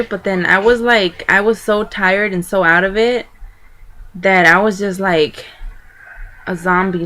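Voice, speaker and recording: A woman's voice: on the low side, fairly bright tone, slight background noise. A young woman vlogger casually telling a personal story, rambling and chatty with lots of fillers and restarts.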